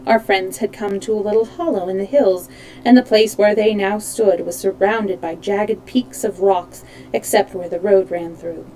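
A woman's voice: medium pitch, fairly even intonation, moderate pace, dark tone, a little hiss or hum, rough recording. A woman reading a children's storybook aloud, animating the characters and correcting small slips as she goes. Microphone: streaming microphone.

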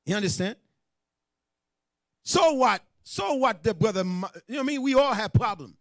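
A man teaching a religious class, preaching in casual street talk, animated and joking, with scolding asides to his listeners. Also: sits high, normal speed, no echo.

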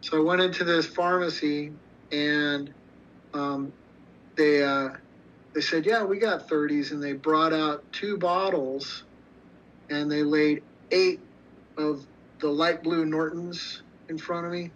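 A man's voice: fairly high pitch, steady tone, takes it slowly, a bit bright. A man telling a story in a blunt, profane, rambling way, with frequent restarts, as an interview guest. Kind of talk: casual storytelling. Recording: slightly muffled with faint noise.

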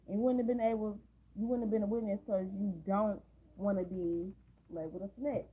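A woman casually recaps a movie and throws in blunt, sarcastic asides. Her voice is husky and sits in a middle range. The audio is thin and phone-like. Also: mid-range voice, steady tone, a little fast. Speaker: movie reaction host. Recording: tinny phone-like sound.

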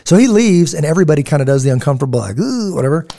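Talking very fast and animatedly, this middle-aged man hosts a podcast of casual, digressive storytelling and voices the people he quotes. His pitch is fairly high, his tone dark, and there's vocal fry.

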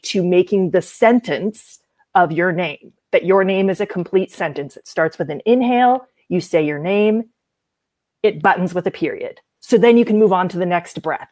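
A woman's voice: lowish voice, a little mellow, no room sound. A woman, a voice coach explaining breath and speech sounds in a thoughtful, explanatory way. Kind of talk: explanatory talk.

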